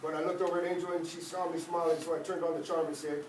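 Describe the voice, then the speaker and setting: A man's voice: on the high side, quick pace, a little hiss or hum. Man reading a memoir in an echoey room. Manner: lively, conversational storytelling. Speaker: reader. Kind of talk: first-person memoir reading. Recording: echoey room, mic at a distance.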